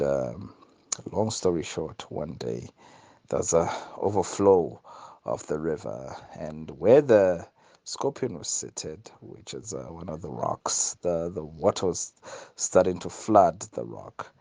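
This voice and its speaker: Man from Africa, storyteller, earnest and hesitant, deep voice, dry close sound. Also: very animated, takes it slowly, gravelly, warm tone, breathy edge, no echo. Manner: hesitant, many fillers and restarts, earnest. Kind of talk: telling a folk tale with a lesson.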